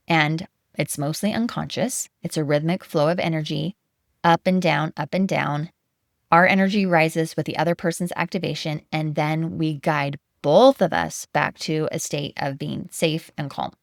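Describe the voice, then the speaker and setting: A woman hosting a podcast, talking through an idea in a calm, gentle, deliberate monologue. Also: low voice, dry recording, clean studio sound. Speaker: podcast host.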